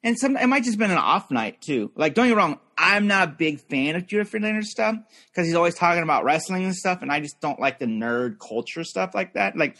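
Young male podcast guest, rambling and loose, voice on the higher side. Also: expressive, quick pace, pushed and bright. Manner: rambling, filler-heavy, restarts often. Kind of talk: casual chat.

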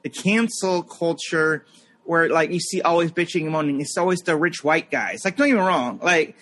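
Man, 30s, casual podcast co-host; high bright voice, rambling storyteller. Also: normal speed. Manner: rambling, lots of fillers, mimics people in anecdotes.

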